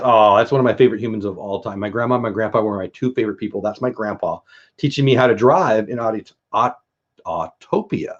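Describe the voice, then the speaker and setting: A man's voice: medium pitch, a little mellow. Fifty-something guy joking around about himself, sounds a bit muffled. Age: 50s. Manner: joking, self-mocking. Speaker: vlogger. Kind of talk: casual chat.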